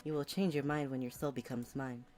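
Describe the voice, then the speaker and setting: A woman's voice: extremely low pitch, steady tone, fairly quick, a little mellow. A woman voicing an aloof, formal male Grim Reaper, reading game dialogue aloud in a stiff, cold, dismissive manner. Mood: ominous.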